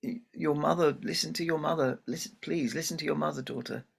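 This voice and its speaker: A man voicing a gentle, hesitant moon father in a told folktale. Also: fairly high pitch, steady tone, brisk, creaky, slightly rough, pitched above the performer's own voice, exaggerated voice. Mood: pleading. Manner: soft, hesitant, pleading.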